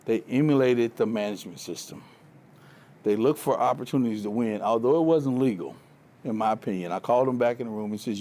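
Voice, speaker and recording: A man giving a motivational talk to a live audience, telling stories from his coaching days in an animated way and laughing along with them. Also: mid-range voice, a little fast. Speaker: keynote speaker, former track coach. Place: live event before an audience.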